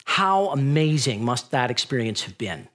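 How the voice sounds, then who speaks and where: A middle-aged man preaching a sermon, telling stories with animated energy and acting out the voices of the people in them. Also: medium pitch, normal speed. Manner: animated storytelling, acts out voices in retellings. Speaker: pastor.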